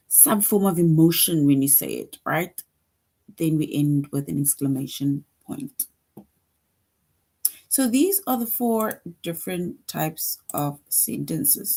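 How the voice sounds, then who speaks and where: Slow, patient woman teaching young children. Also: on the low side, vocal fry, darkish tone. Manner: slow, patient, repeats points with frequent "right?". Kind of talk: online lesson for young children.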